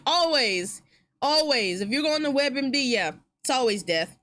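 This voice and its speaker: A woman's voice: mid-range voice, animated, measured pace, pauses often, fairly bright tone. A woman streamer chatting casually while gaming, rambling through tangents and laughing often. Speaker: game streamer.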